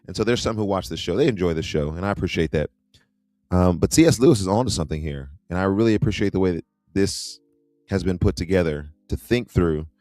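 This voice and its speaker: A man's voice: low-pitched, animated, fast talker, darkish tone, no room sound, soft background music. A middle-aged man hosting a livestream show, chatting casually with wry asides as he reacts to clips. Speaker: host.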